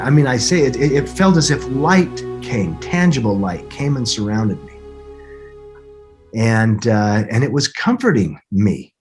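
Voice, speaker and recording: A middle-aged man with a husky voice, recounting a personal story as a podcast guest in an earnest, halting way with many restarts. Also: mid-range voice.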